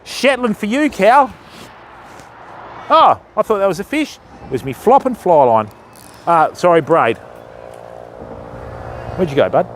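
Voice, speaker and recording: A high-pitched Australian man chats casually on a live fishing stream, ribbing his viewers with easy banter as he casts outdoors. Faint outdoor noise sits behind his voice. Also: very animated, a little slow, long pauses, fairly bright tone.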